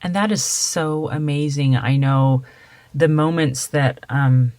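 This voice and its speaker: A woman's voice: deep voice, slow, a little mellow, no echo. Middle-aged woman hosting an interview, friendly back-and-forth, shares her own story, dry close mic. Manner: affirming, conversational, shares own experience. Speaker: podcast host. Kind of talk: casual interview.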